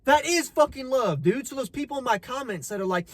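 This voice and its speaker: A man's voice: very high voice, brisk, few pauses, no room sound. A young man giving a blunt, profane motivational rant, preaching tough love and calling the listener bro. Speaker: motivational content creator.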